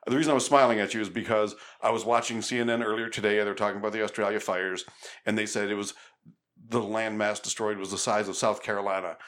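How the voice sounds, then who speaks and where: A man co-hosting a casual political chat, talking in a measured, wry way. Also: on the low side, fairly even intonation, a bit bright.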